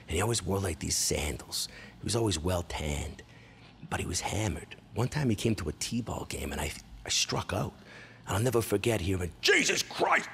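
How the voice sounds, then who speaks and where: A Canadian man in his forties tells crude comic stories from his childhood with a low, deep voice. He gets animated and breaks into loud bursts and impressions. A faint hum of room noise sits under him. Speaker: comedian host. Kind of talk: comedic storytelling monologue.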